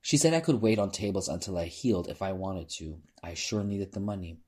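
Husky man reading a story. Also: low-pitched. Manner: unhurried, quiet, restarts phrases. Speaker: narrator. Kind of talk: reading a novel aloud.

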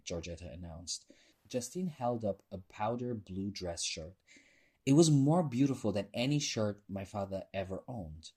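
A man reading a novel aloud as narrator, in a measured storytelling manner and voicing the characters' lines. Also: on the low side, lively intonation, a little mellow, husky. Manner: measured storytelling, lifting voice for dialogue. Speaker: audiobook narrator. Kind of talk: scripted narration with character voices.

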